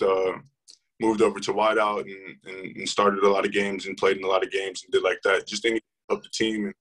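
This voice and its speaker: A man's voice: fairly low pitch, poor audio. A young man, a football player, telling his story in a casual interview, rambling with many fillers and restarts.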